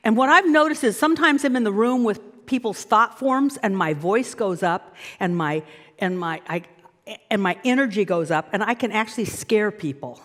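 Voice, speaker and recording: A woman minister giving a sermon, animated and coaxing her congregation to repeat lines after her. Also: mid-range voice, normal speed. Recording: long hall reverb.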